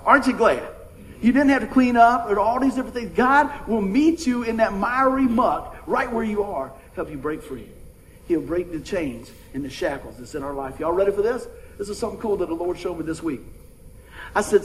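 A middle-aged male pastor with a high, expressive voice preaches a sermon at a moderate pace, folksy and conversational, calling out to his congregation. The recording is rough, with slight background noise.

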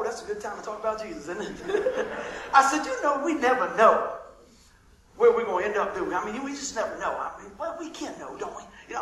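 A male pastor telling a lively story in a sermon, acting out the dialogue and laughing often. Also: sits high, reverberant, a little hiss or hum, rough recording.

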